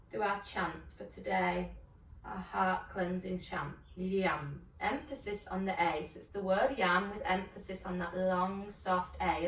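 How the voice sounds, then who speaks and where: A woman teaching yoga, guiding breath and chanting in a slow, soothing, gentle way. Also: medium pitch, reverberant, recorded from a distance, a little hiss or hum. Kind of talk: guided yoga and meditation instruction. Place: home room on a video call.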